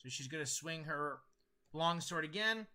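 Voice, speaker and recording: A man with a very bright, somewhat high voice runs a tabletop game as game master. He works through the dice rolls out loud, with frequent pauses and fillers as he adds them up. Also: lively intonation. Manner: thinks aloud while tallying dice, with many fillers. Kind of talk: running a tabletop game online.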